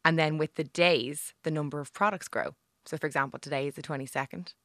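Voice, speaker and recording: A woman's voice: low-pitched, fairly even intonation, brisk, a bit bright, dry recording, clean studio sound. A young woman with an Irish accent, a guest on a radio show, talking in a bubbly, easygoing way. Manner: bubbly and laughing easily. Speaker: guest, business owner. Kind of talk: casual radio interview.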